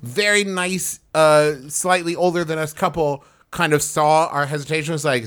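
Brief: male co-host, bright edgy tone, deliberate deadpan delivery. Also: on the high side. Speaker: podcast co-host. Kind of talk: casual comedic chat.

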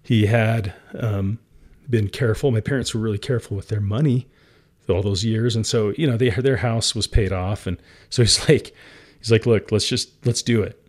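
A man's voice: on the low side, moderate pace. A man guest in an interview, candidly recounting a hard business moment, getting teary and laughing often. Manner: emotional, laughs often, calls the host "guy". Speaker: guest entrepreneur.

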